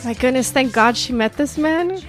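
A woman's voice: sits high, lively intonation, moderate pace, soft background music. A woman co-host reacting in casual chat, with enthusiastic short remarks. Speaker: podcast co-host.

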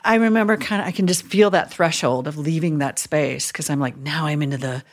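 A woman's voice: sits low, a little fast. A middle-aged woman, a hospital chaplain, telling an emotional story in a casual podcast chat and acting out what she thought and said. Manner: earnest, emotional storytelling with acted-out inner voices.

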